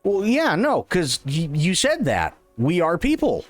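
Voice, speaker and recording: A man's voice: high-pitched, wildly swooping pitch, measured pace, dry recording, faint music behind. A man hosting a livestream, giving casual reaction commentary, repeating himself and stumbling over restarts. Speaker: livestream host reacting to an interview.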